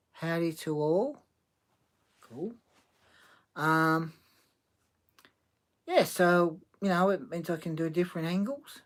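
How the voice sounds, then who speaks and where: A man hosting a casual livestream, talking haltingly with many restarts and reading chat comments aloud. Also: fairly high pitch.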